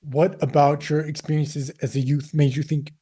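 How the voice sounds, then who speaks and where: A man's voice: a little high, level tone, normal speed, dark tone, breathy edge. A man hosting an interview, asking probing questions in a casual way. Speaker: interviewer, host.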